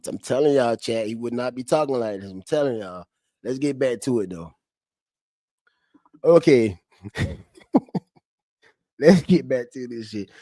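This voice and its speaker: A man streaming to his chat, reading court testimony in a flat voice and then breaking into slangy, profane, laughing commentary. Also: mid-range voice, dry recording, clean studio sound. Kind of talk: casual livestream commentary.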